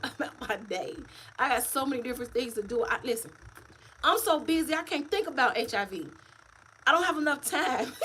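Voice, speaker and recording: A woman author talking casually to her livestream viewers, animated and repetitive, calling them y'all. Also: a little high, slight background noise, rough recording. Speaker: author and vlogger. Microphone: phone or webcam, livestream.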